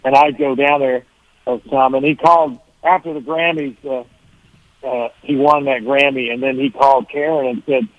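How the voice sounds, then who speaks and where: A man's voice: mid-range voice, steady tone, normal speed, no echo. A man, a guest musician, telling rambling stories in a casual interview, often restarting and chuckling. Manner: rambling, self-correcting, chuckling. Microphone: phone. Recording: tinny phone line.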